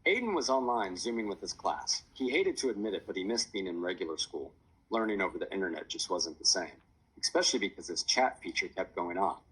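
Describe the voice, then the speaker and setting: Brief: male storybook reader, animated delivery, slightly husky tone. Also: deep voice, brisk, low-quality recording. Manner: lively storytelling. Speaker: narrator. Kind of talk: audiobook narration.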